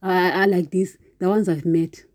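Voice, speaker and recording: A woman's voice: on the low side, steady tone, moderate pace, a little mellow, dry recording, studio quality. A woman giving an informal devotional talk for a podcast, preaching with passion, repeating herself and calling her listeners "guys". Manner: impassioned, repetitive, keeps calling listeners "guys".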